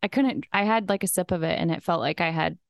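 Woman, 30s, podcast co-host, easygoing chat, lowish voice, dry close mic. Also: quick pace, gravelly, no echo. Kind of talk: casual chat.

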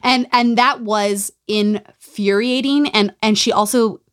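A woman hosts a casual podcast and talks in a relaxed, conversational way with wry asides. Her voice sits at a medium pitch. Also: slow pace, clean tone. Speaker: podcast host. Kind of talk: casual chat.

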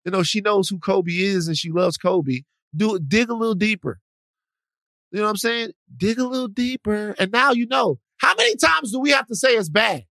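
A man from Louisiana co-hosting a podcast, talking in an animated, joking way full of restarts. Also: high voice, normal speed, vocal fry, no room sound. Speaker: podcast co-host. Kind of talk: casual chat.

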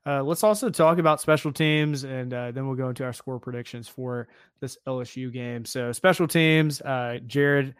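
A man co-hosting a sports podcast in a relaxed, casual way, with many fillers as he talks. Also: mid-range voice, moderate pace, hardly any pauses, clean tone, dry recording, clean studio sound. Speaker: podcast co-host.

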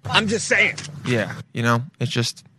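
A young man hosting his own podcast, rambling casually with lots of swearing and sudden bursts of loud excitement. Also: mid-range voice, unhurried, slight background noise. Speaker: podcast host. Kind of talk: casual solo podcast rant.

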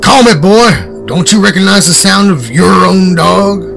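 Starch, a man playing a gravelly old hillbilly. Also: fairly high pitch, expressive, normal speed. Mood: gruff. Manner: gruff, barking orders. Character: menacing old male hillbilly landowner. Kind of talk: horror story reading. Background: music.

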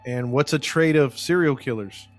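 An American man at an everyday mid pitch, hosting a podcast and spinning a true-crime story. He talks loosely, full of "you know" and restarts, laughing easily between points. Faint music sits under his voice. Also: moderate pace, dry recording. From United States. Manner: loose, conversational, many fillers, laughs easily. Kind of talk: casual storytelling chat.

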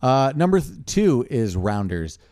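A man's voice: mid-range voice, big pitch swings, mellow, dry recording, clean studio sound. A young man co-hosting a podcast in casual chat, teasing his friends. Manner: fast, playful teasing. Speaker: podcast co-host.

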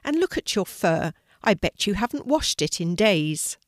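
A woman voicing a mean, bossy brother squirrel in a children's story, speaking in a sharp, scolding way. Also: mid-range voice, big pitch swings, measured pace, no room sound, studio quality.

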